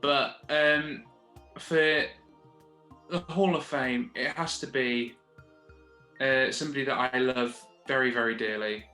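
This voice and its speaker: A man's voice: medium pitch, fairly even intonation, takes it slowly, pauses often, pushed and bright, soft background music. A man co-hosting a podcast, dry and blunt, swearing casually. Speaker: podcast co-host. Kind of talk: casual chat. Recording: echoey room.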